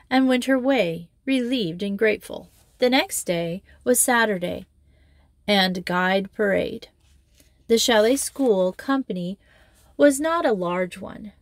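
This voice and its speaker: A woman reading a children's school novel aloud in steady, measured storytelling. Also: mid-range voice, no room sound. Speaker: audiobook reader.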